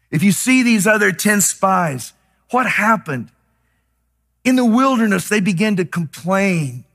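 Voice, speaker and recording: A man preaching a sermon with passion, moving from hushed, slow lines to loud, shouted declarations. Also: sits high. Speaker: pastor.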